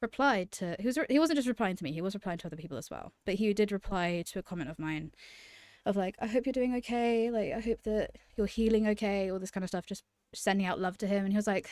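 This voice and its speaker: A woman's voice: medium pitch, expressive, fast, no echo. A young woman talks straight to camera in an easy, gushing vlog chat, often laughing and swearing freely. Her voice sits in a middle range, recorded close and dry with no room sound. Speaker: vlogger.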